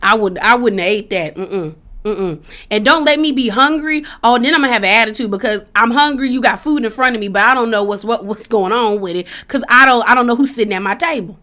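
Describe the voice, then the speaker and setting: A woman talks through a reality show episode in a relaxed, slangy way and laughs freely as she goes. Her voice sits a little high and rings bright and forceful. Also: fast. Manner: chatty, animated, laughs often; casual slangy speech. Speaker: reality TV recap vlogger. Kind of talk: casual commentary.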